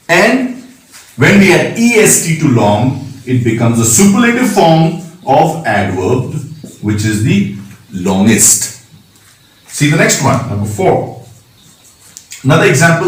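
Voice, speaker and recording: A man teaching a recorded grammar lesson, patiently spelling out letters and checking in with "right?". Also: medium pitch. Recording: echoey room, mic at a distance.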